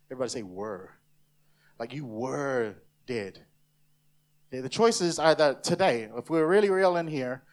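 A pastor from New Zealand preaching an emphatic sermon to a church congregation, now and then acting out other people's voices. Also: male voice, mid-range voice.

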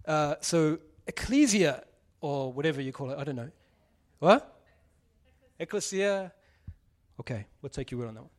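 A man's voice: mid-range voice, brisk. A man preaching a casual sermon, joking and putting questions to the congregation. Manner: chatty, jokey, asks the audience questions.

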